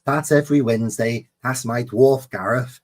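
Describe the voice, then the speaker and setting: A man's voice: medium pitch, moderate pace. Easygoing, hesitant man on a panel. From United Kingdom. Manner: easygoing, hesitant, many ums. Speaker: panel co-host. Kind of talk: casual panel chat.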